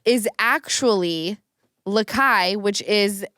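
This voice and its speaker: A woman hosting a podcast in casual chat, giggly and animated as she tells stories. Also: medium pitch, slow pace, clean tone, no room sound, studio quality. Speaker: podcast host.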